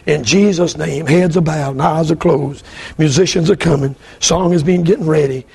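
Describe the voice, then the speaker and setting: A man preaching a fervent revival sermon, often shouting, with repeated calls and questions. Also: fairly high pitch, normal speed, gravelly, husky.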